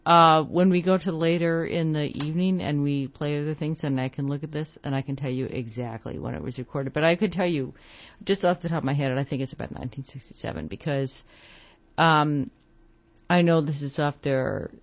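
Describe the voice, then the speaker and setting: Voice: mid-range voice, fairly quick, no echo, lo-fi sound. A radio host from the United States presenting records on air, talking in a digressive way with many asides.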